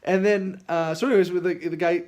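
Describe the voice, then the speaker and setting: A man spinning a casual story from his own life, wandering along with plenty of "like" and "um" as he goes. His voice sits a bit higher than most men's. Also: steady tone, a little fast, darkish tone. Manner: rambling, lots of fillers and restarts. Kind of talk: casual anecdote.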